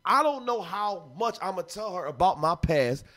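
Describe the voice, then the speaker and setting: A fired-up man on a studio podcast, holding forth like a preacher and cutting into everyone else's points. His voice sits fairly high for a man and swings widely up and down as he rants. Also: moderate pace. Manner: loud, profane, preachy and animated, talks over others. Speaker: podcast co-host. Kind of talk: heated casual debate.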